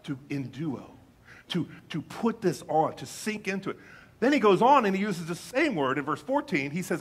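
Male pastor, higher-pitched husky voice, animated conversational sermon. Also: normal speed. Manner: conversational, animated, swings from loud emphasis to quiet asides.

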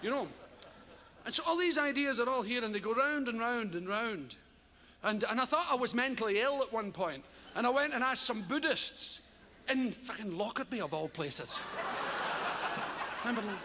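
An older Scottish man delivers a rambling, profane stand-up routine from a large theatre stage. His voice sits very high and swings wildly up and down as he jumps into mocking voices. The long reverb of the hall and steady room noise surround him. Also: moderate pace, long pauses. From Scotland. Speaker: stand-up comedian. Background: audience laughter.

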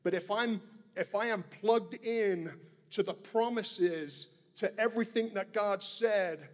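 A man preaching with real conviction, his voice sitting high for a man. He lands each point slowly and deliberately. His words hang in the long echo of a church hall. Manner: earnest, emphatic preaching with repeated phrases. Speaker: pastor. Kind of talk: sermon. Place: church sanctuary.

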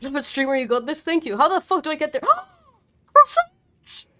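A woman's voice: high voice, racing, fairly bright tone, a little hiss or hum. A woman streamer giving live gameplay commentary, nervous and chatty, swearing a lot and talking back at the characters on screen. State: nervous and scared.

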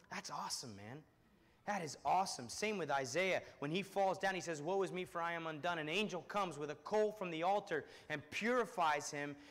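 A pastor preaching a sermon to his church, dropping to a hush on quoted words and rising loud on emphasis. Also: on the high side. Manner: swings from hushed, soft quoting to loud, soaring emphasis. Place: church sanctuary. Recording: long hall reverb.

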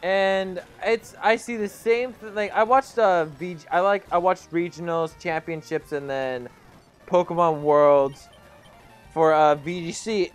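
A young man hosting a casual gaming let's play, joking, swearing and getting excited. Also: on the high side, clean tone.

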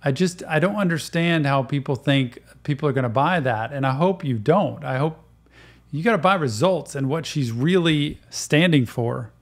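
A man's voice: fairly high pitch, moderate pace. A man hosting a reaction video, talking earnestly and conversationally about a clip. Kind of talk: reaction commentary.

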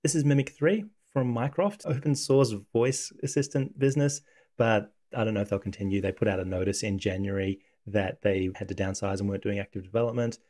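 A man hosting a casual coding tutorial, talking through software on screen in a relaxed, conversational way. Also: lowish voice, a little fast. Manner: relaxed, conversational, thinks aloud.

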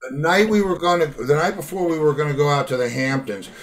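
A man's voice: on the high side, fast talker. An older man hosting a casual chat, telling rambling stories and laughing as he talks. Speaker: podcast host.

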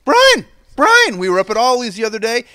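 A man in his thirties, a pastor, giving a children's sermon at an outdoor church service and telling stories in a lively way. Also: high-pitched, rapid-fire, smooth. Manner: lively storytelling with acted-out quotes.

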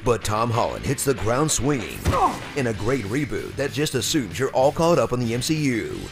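A man narrating a mock movie trailer in a deadpan, sarcastic announcer voice. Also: mid-range voice, moderate pace. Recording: narration over music.

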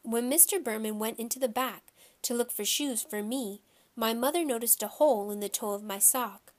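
A woman reading a children's novel aloud in a steady storytelling voice. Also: fairly high pitch, normal speed. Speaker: audiobook reader.

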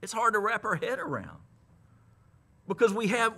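Male pastor, conversational sermon delivery, bright tense tone, slightly higher voice. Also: normal speed, long pauses. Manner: conversational, animated Bible teaching with many restarts.

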